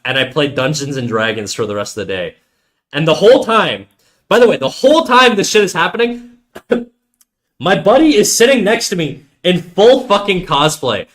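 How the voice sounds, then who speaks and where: Animated, foul-mouthed male streamer. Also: high-pitched. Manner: animated, profane, talks straight to chat. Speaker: live streamer. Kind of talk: casual storytelling to a stream chat.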